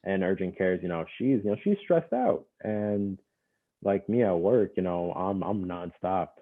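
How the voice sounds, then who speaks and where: A young man, a podcast guest, telling a story in a relaxed, casual way, full of fillers and quick laughs. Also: low-pitched. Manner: relaxed, laughs often, many fillers like "you know". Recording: tinny phone-like line.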